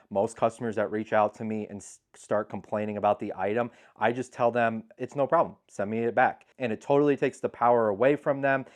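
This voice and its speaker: A man's voice: medium pitch, a little mellow. A man hosting his channel, giving frank, matter-of-fact advice on handling buyer returns in a casual talk to the camera. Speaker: eBay seller and channel host.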